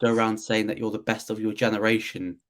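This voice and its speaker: A British man as a guest on a podcast, talking in a relaxed, conversational way. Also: fairly low pitch, fast talker. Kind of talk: casual podcast chat.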